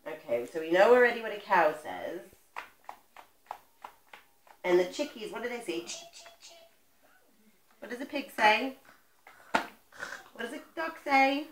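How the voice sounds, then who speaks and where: A woman's voice: on the high side, expressive, measured pace, long pauses, roomy sound, a little hiss or hum. A woman reading a picture book aloud to a toddler in a coaxing, sing-song voice with exaggerated baby talk. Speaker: parent.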